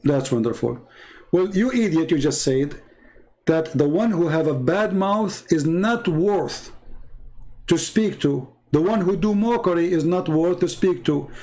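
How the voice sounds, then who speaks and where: A man's voice: a little high, expressive, a little slow, dark tone, rough recording. Combative man hosting a live debate stream. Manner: mocking, confrontational, hammering rhetorical questions; non-native English phrasing. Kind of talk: combative live-stream monologue, reading viewer comments.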